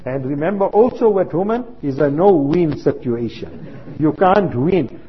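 Husky guy preaching a sermon, telling stories, sounds kinda muffled. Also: on the high side, animated, unhurried. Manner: storytelling, acts out quoted dialogue. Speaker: Islamic preacher. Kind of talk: sermon with anecdotes. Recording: muffled lo-fi recording.

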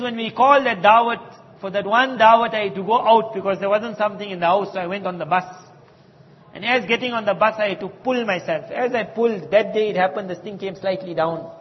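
A man telling a story in a sermon, animatedly acting out the quoted dialogue of the people in it. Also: high voice. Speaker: preacher. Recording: dull audio with long hall reverb.

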